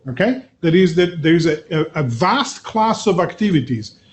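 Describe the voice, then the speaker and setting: A middle-aged man lectures a university class, his voice sitting a touch higher than most men's. He keeps checking in with his listeners and pauses on filler sounds as he works through his points. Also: animated. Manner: frequent "okay?" and "right?" checks, many filler uhs.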